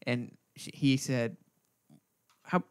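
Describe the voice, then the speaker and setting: A man's voice: mid-range voice, takes it slowly, clear, resonant tone. A man hosting a podcast, chatting in loose, joking, profane banter. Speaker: podcast host. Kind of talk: casual podcast chat.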